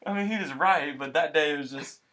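A man's voice: on the high side, fairly quick, over a noisy crowd. A young man, hosting a casual chat and telling stories with lots of acted-out quotes. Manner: animated storyteller, acts out quotes.

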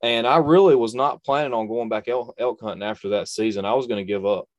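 A young man recounts a story in conversation, earnest and emphatic, leaning on repeated phrases to drive each point home. His voice sits at an ordinary middle pitch. The recording is close and dry, with no room sound. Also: quick pace, no room sound, muffled recording. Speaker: hunter and video creator, guest. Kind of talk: telling a personal story in a conversation.

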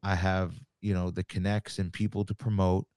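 A man's voice: deep voice, little pitch movement, normal speed, a little mellow, smooth, no echo, clean studio sound. A man, a wrestling promoter, telling a story in a casual podcast chat, acting out phone calls and swearing casually. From New York.

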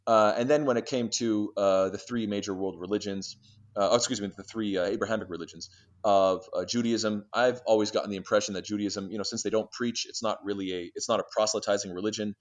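A man speaking quickly in a lowish voice, guest on an interview. He tells stories animatedly, acts out both sides of a conversation, and restarts his sentences often. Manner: animated storyteller who acts out exchanges, many restarts and fillers. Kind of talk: casual storytelling interview.

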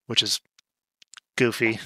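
Bright-voiced young man recapping a movie. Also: takes it slowly, slight background noise. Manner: wry, sarcastic asides with frequent fillers. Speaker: podcast co-host. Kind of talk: casual movie recap chat.

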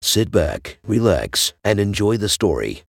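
Deep gravelly podcast announcer, man, lively pitch swings. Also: measured pace, no room sound, studio quality. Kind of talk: scripted podcast intro.

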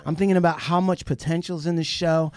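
Guy host venting on a podcast, high lively voice, cusses a lot, dry sound. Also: a little fast, clear, resonant tone, no room sound. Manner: profane, heated, storytelling. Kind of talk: casual podcast chat.

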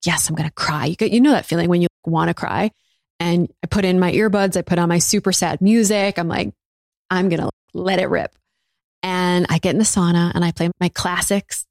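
A woman's voice: lowish voice, a little mellow, no room sound. A woman in her thirties hosting a solo podcast, talking candidly about spiritual matters and swearing casually. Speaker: podcast host. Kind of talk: reflective solo podcast monologue.

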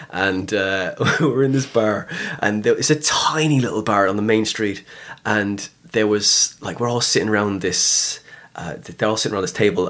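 A man's voice: fairly low pitch, fairly bright tone. A man, a comedian guest on a podcast, telling rambling stories with many restarts. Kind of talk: casual podcast chat.

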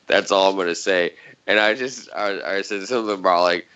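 A man's voice: fairly low pitch, lively intonation, unhurried, bright, forceful tone. A man chatting casually on a podcast, telling a rambling story full of swearing and sarcasm. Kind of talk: casual chat. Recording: dull lo-fi sound.

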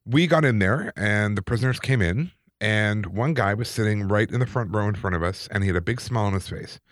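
A man on a podcast, casually telling a personal story in an animated, self-deprecating way. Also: lowish voice, fairly quick, no echo, studio quality. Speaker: podcast co-host.

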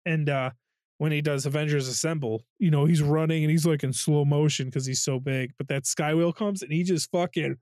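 Animated male podcast co-host, dry room. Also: a little high, a little fast, dry recording. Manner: animated storytelling, sound effects, swearing. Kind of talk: casual chat.

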